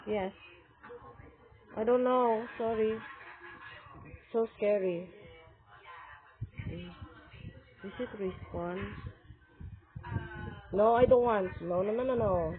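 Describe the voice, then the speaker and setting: A woman playing a horror game and commentating, loud and jumpy with scared shrieks and exclamations. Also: medium pitch, very slow, pauses often. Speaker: gamer. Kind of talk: excited let's-play commentary. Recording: tinny lo-fi mic with noise.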